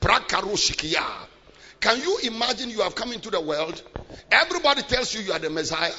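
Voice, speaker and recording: A middle-aged man preaching a sermon in a large church hall, swinging between shouted declarations and hushed, low-voiced passages. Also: very animated, fairly quick. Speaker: pastor. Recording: muffled live church recording with long reverb.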